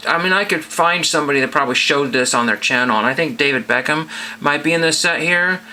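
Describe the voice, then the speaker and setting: A man's voice: mid-range voice, pushed and bright, slight background noise. A man hosting a card collecting channel, rambling casually with many fillers as he browses listings. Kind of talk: casual screen-share vlog.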